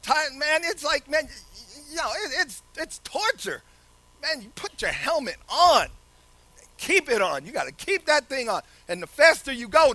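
A man preaching a lively sermon, laughing often and shouting some phrases. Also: very high voice, normal speed, no room sound.

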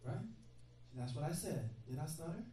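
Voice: medium pitch, animated, moderate pace, dark tone, a little hiss or hum. A preacher giving a sermon in a conversational style, joking with the congregation in asides. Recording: very echoey hall, mic far off, faint ambience.

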